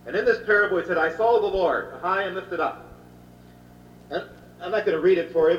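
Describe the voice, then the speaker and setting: A man giving a Bible lecture, retelling scripture stories in plain everyday speech with many filler sounds. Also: fairly high pitch. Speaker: Bible teacher. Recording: roomy, distant, dull old hall recording with faint hum.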